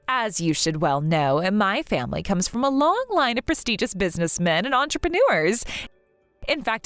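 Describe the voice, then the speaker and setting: Casting: a woman doing a haughty rich sister-in-law for a story drama, sneering and gloating, pitched up with lively swoops, dry close sound. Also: dry recording.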